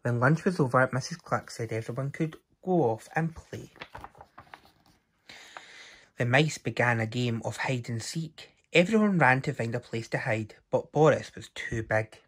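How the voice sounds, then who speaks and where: Expressive man reading a children's story. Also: medium pitch, unhurried, husky. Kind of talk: storybook read-aloud.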